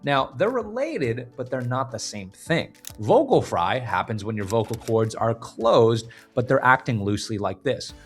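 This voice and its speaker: A man with a slightly husky voice coaching beginners through scream technique, his pitch moving up and down as he explains. He lays out each point plainly in a lesson over faint music in the background. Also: very animated, measured pace, few pauses. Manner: explains clearly, breaks into short scream demonstrations. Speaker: vocal coach. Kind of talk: instructional video lesson.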